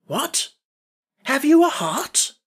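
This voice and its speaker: A man's voice: high voice, lively intonation, normal speed, voice pushed up. A man voicing a vain, touchy straw king who lectures in a grand manner, in a storybook audiobook. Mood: lecturing. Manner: grand, lecturing, easily flustered. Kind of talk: audiobook character voice.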